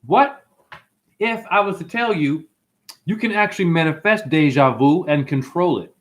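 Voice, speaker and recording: A man with a slightly high voice hosts a livestream at a moderate pace. He's an excitable storyteller who wanders off on tangents, answers comments, and swears freely.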